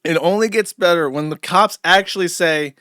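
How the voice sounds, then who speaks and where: A host in a high, piercing register, his tone bright and edged. He reacts to clips with crude, excitable sarcasm, recorded close and dry with no room sound. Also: moderate pace, no echo. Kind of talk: mocking commentary on arrest footage.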